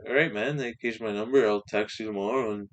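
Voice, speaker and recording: A man's voice: fairly low pitch, fast talker, highs cut off. Young man telling a wild story. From Canada. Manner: swearing, animated anecdote with quoted voices. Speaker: podcast guest. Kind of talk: casual storytelling.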